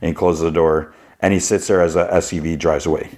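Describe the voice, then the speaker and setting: Low-voiced man rambling through a recap. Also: flat delivery, a little fast, darkish tone. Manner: rambling retelling full of "like" fillers. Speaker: podcast host. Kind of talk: casual plot recap.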